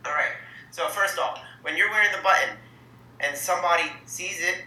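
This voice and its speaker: Bright upbeat man coaching in a roomy space. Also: sits high, normal speed. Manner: upbeat coaching, acts out sample dialogues. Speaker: host, training coach. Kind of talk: instructional talk to camera. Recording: echoey room with faint ambience.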